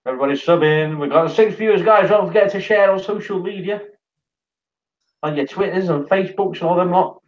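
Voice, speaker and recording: With a high-pitched voice, talking a little fast, a Yorkshire-accented man from Sheffield, England, runs a relaxed livestream, reading out viewers' comments, chatting and laughing often despite sounding tired. The highs in the audio are cut off.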